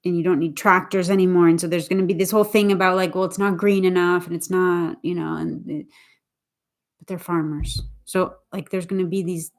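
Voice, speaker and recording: A woman from Boston talking in a casual, earnest and rambling way, often restarting her sentences. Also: on the low side. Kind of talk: casual spoken reflection.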